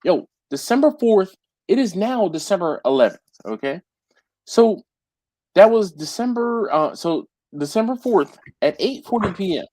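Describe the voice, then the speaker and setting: A man telling barbecue catering stories in a loose live chat, his pitch jumping around as he acts out what customers texted him. He drops slang like "yo" and "fam" constantly. The sound is dry and close, with no room echo. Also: moderate pace. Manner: animated storytelling, acts out customers' messages; uses slang like "yo", "fam", "dog". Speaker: BBQ caterer and channel host. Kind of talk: casual live group chat.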